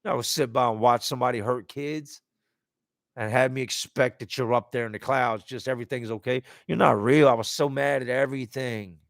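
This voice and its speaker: Male live-stream host, gravelly voice, dry close sound; candid, emotional, blunt, swears, restarts words. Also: mid-range voice, fairly even intonation, a little fast, no echo. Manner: candid and emotional, repeats words when searching for them. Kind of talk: live stream, reading out viewer comments.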